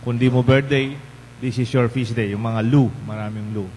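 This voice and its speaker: Brisk and darkish, with medium pitch and fairly even intonation, the voice belongs to a parish priest from the Philippines with a Filipino accent. He gives a bilingual, conversational homily, directing rhetorical questions at the congregation. Long church reverb and a faint hum come from the large church setting.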